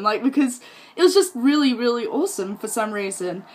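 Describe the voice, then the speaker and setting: Young aussie woman rambling to camera, bit of a higher voice, laughs at herself. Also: expressive, fast. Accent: Australian. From Australia. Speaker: vlogger. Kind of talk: casual chat to camera.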